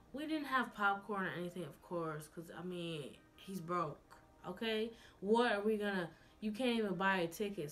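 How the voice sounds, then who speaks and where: Sassy young woman telling a story. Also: on the low side. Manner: sassy, animated storytelling, talks to viewers as friends. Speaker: vlogger. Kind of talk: storytime vlog.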